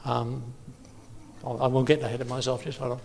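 A man's voice: mid-range voice, level tone, a little fast, gravelly, slight background noise. Man teaching faith in an echoey hall. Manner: chatty, self-correcting, many fillers. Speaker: preacher. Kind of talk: informal teaching talk. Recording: long hall reverb.

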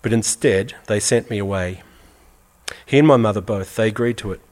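Brief: man, fairly deep voice, earnest measured storytelling read aloud. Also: a little mellow. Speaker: reader. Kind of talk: reading a first-person story aloud.

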